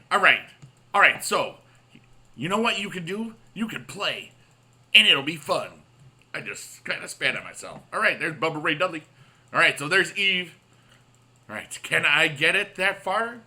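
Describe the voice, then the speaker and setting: Man, gaming channel host, bright tense voice, rambling upbeat late-night commentary full of fillers. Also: a little high. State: up late on caffeine. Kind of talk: casual gameplay commentary.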